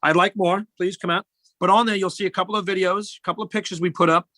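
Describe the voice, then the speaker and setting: Bright-voiced middle-aged man telling stories. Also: sits high, steady tone, fast, dry recording. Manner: rambling, joking storyteller. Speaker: guest. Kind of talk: casual chat.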